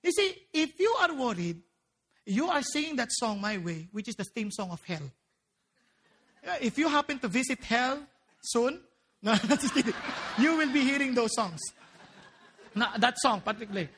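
Bright, high-voiced woman preaching. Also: moderate pace, long pauses, breathy edge. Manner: animated and joking, mixing in local phrases. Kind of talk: sermon.

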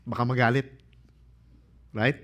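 A male pastor preaching a sermon, animated, questioning his congregation and acting out quotes. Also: mid-range voice, unhurried.

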